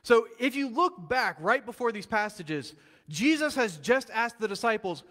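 High-voiced man preaching in a hall. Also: normal speed. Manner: animated storytelling, casual slang, acts out quotes. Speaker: pastor. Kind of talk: sermon. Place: church sanctuary.

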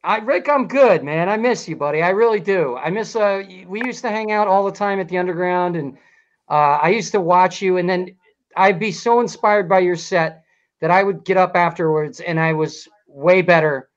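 A high-pitched male host chats casually and keeps nudging his guest along in a friendly way. His recording sounds dull and lo-fi. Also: moderate pace. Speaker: talk show host. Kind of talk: casual chat.

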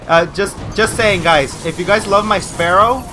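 A young man hosting a gaming channel, giving excitable live commentary with yelps and repeated cries of no. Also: high voice, moderate pace, music in the background.

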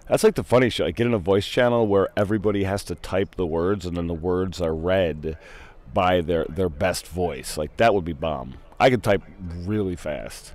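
A man's voice: low voice, moderate pace, darkish tone. A young man chatting casually in a voice channel, rambling, swearing and getting sidetracked. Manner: rambling, profane, easily sidetracked. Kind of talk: casual voice chat. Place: at a computer in a voice channel.

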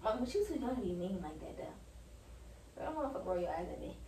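A woman's voice: mid-range voice, big pitch swings, fast, warm tone, reverberant, recorded from a distance, slight background noise. A young woman vlogging casually in a doctor's office, teasing and joking in profane slang and sing-song baby talk. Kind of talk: casual vlog chat.

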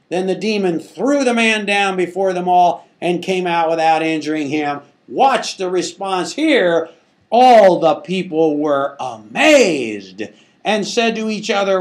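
A high-voiced male Bible teacher preaches at an unhurried pace. He talks conversationally and emphatically, often stopping to ask rhetorical questions. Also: expressive. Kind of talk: sermon.

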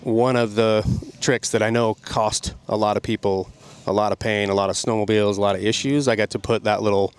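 Smooth-voiced man telling an excited story. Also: on the low side, fairly quick, few pauses. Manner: animated, excited storytelling with laughs. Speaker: podcast guest, snowmobile rider. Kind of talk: casual storytelling.

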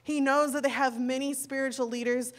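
A woman's voice: sits high, steady tone, brisk. A woman in her thirties preaching a sermon in a conversational way, acting out quoted dialogue as she goes.

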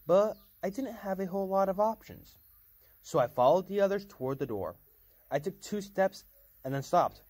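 A man's voice: medium pitch, darkish tone, breathy edge, dry recording. A man reading a novel aloud in a casual first-person storytelling manner, with small slips and restarts. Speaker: reader.

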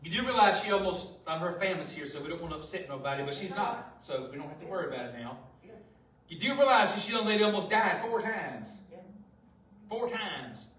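A man pastor preaching a Pentecostal sermon, shouting with passion and dropping to hushed storytelling. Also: high-pitched, expressive, fairly quick. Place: church sanctuary. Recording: very echoey room, distant mic.

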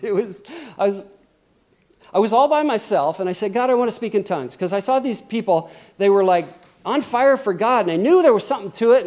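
A middle-aged man preaching a sermon in a lively, conversational way, often acting out quotes. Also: sits high.

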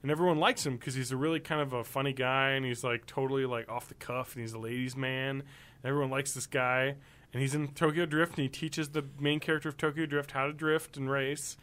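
A man's voice: mid-range voice, steady tone, fairly quick, a bit bright. A man co-hosting a podcast in casual chat. He rambles and swears freely, and he laughs often. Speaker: podcast co-host.

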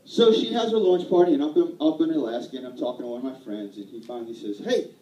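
A man's voice: medium pitch, quick pace, dark tone, reverberant, far from the mic, rough recording. A man telling a personal story to an audience at an event, self-deprecating and rambling, laughing often. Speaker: speaker at a sales event.

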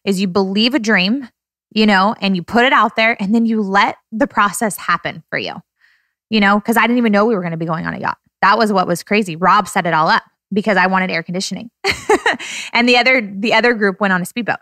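Woman, 30s, podcast host, teary and effusive, mid-pitched, dry studio sound. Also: fairly quick, a bit bright, dry recording. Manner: heartfelt, tearful, effusive. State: close to tears. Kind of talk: emotional casual podcast talk.

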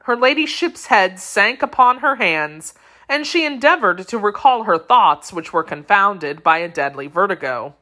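A woman narrating a classic novel as an audiobook, in a measured, dramatic storytelling manner. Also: mid-range voice, animated, sharp tone.

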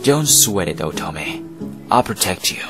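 A cocky teenage schoolboy, as a man plays him, dropped low and blunt, all swagger and tough talk. He sounds slow and sure of himself. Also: sing-song, music in the background. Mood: reassuring.

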